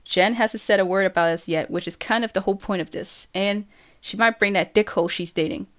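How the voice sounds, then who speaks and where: A woman's voice: mid-range voice, brisk, a bit bright, natural voice. Woman reading a teenage boy, cocky, teasing, playful, storybook reading.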